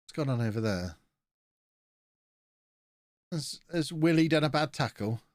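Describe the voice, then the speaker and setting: A man's voice: on the high side, expressive, a little slow, dry recording, clean studio sound. A man with a blocked nose, chatting and joking through a live-streamed game commentary as he reacts to his chat.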